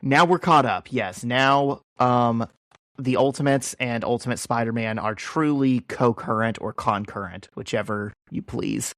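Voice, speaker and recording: A man's voice: mid-range voice, a little slow, fairly bright tone, dry recording, studio quality. A man hosting a podcast, chatting casually and retelling a comic book story with lots of fillers. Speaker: podcast host.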